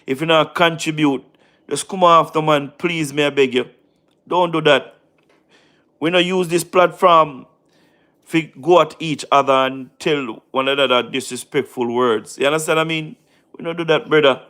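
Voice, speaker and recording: Tired jamaican guy on a live stream, kinda high voice, patois mixed in, says everything twice. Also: normal speed, fairly bright tone. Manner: repeats phrases, mixes in patois, talks to chatters by name. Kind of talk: casual live-stream chat.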